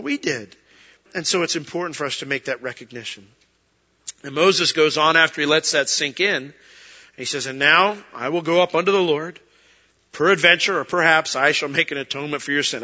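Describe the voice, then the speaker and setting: Preaching casually, this middle-aged pastor performs the prayers and excuses he quotes. His voice is bright and edgy, somewhat high for a man, while the audio is dull with a long hall reverb.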